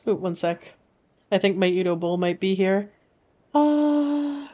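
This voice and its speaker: A woman's voice: mid-range voice, expressive, slow pace, warm tone. A woman streamer chatting casually and playfully with her viewers while she plays a game. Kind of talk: casual gameplay chat.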